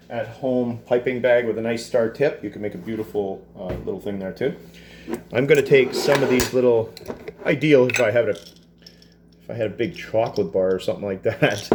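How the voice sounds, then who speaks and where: A man walks through plating a dessert in a relaxed, chatty teaching voice, cracking small jokes at his own expense. His pitch sits in an ordinary middle range. A faint hum of noise runs underneath. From Canada. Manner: relaxed, chatty, self-deprecating asides. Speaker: culinary teacher. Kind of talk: cooking demonstration. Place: school kitchen.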